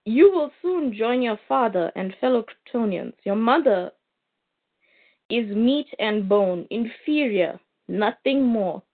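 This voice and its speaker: A woman voicing a cold, menacing male alien machine in a slow, formal way, on a tinny line. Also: a little high, expressive, full character voice. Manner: slow, formal, unhurried delivery.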